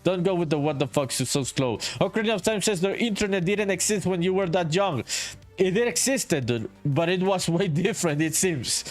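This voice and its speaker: A man's voice: high-pitched, expressive, brisk, faint music behind. A man streaming his indie game development, chatting casually with viewers, reading comments aloud, saying dude a lot and swearing freely. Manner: laid-back, swears often, calls everyone dude, reads chat aloud. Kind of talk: casual live-stream chat while working.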